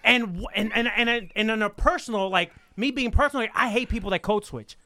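A man hosting a casual wrestling talk show, animated and emphatic, often repeating himself as he makes his point. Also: high voice, a little fast, slight background noise. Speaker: host.

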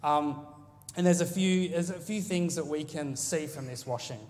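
A man giving a sermon, moving between scripture reading and a relaxed, conversational explanation full of ums and asides. His voice sits a little high for a man. The sound carries a long reverb, as if in a large hall. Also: moderate pace. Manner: casual and chatty, with fillers and asides. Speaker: preacher.

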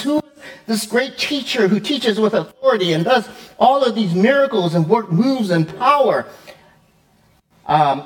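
A male pastor preaching a conversational sermon, lively and quick, with fillers and frequent "right?" check-ins. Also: fairly high pitch. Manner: quick, with fillers and self-corrections.

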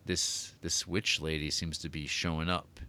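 A man co-hosting a casual podcast, rambling about horror movies with lots of fillers, swearing and excited tangents. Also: a bass voice, a little slow. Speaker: podcast co-host reviewing movies. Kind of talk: casual chat.

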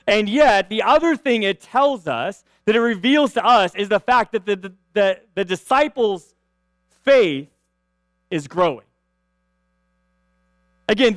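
High-voiced man preaching conversationally. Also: dry recording. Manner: conversational, frequent "right?" asides and restarts. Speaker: pastor. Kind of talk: sermon.

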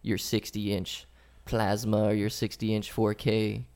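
A man hosting a casual podcast, explaining an idea step by step with halting restarts. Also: fairly low pitch, completely flat delivery, darkish tone. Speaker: podcast host. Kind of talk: casual chat.

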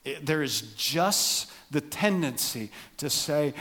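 A man preaching a humorous sermon to his congregation, joking and animated, dropping to quiet asides. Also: a little high, measured pace, few pauses. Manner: jokey, animated, drops to soft asides. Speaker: pastor.

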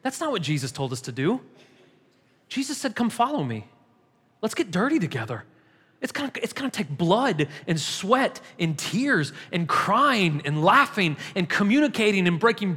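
A man's voice: high voice, very animated, normal speed, sharp tone, slightly rough. A man pastor preaching a sermon in a church, emphatic and repetitive, building in intensity. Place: church sanctuary. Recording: long hall reverb.

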